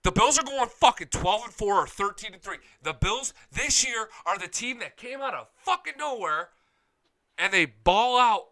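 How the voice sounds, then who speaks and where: A man's voice: sits high, expressive, normal speed, sharp tone. Hyped, profane young male sports ranter. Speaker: sports show host. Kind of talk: live sports talk rant. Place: home studio.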